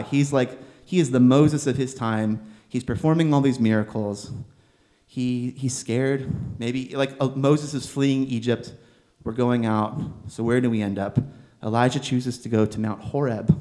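A man preaching a sermon in a conversational, animated way, using filler words as he goes. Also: medium pitch. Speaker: pastor.

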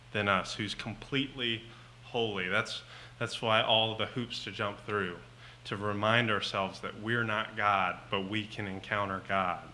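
A man preaching a sermon, slow and emphatic, rising to loud pleading at times. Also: lowish voice, slight background noise, low-quality recording.

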